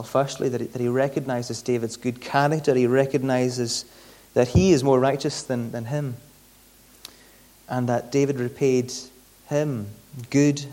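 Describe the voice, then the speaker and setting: A man's voice: mid-range voice, darkish tone. Male preacher, conversational delivery, frequent restarts and repeated words. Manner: conversational, often repeats words mid-sentence. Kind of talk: sermon.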